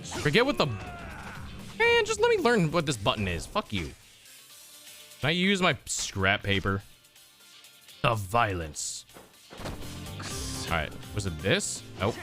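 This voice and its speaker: A man's voice: mid-range voice, wildly swooping pitch, takes it slowly, long pauses, pushed and bright, faint music behind. A young man streaming a game, chatting casually, crude and exasperated, swearing a lot.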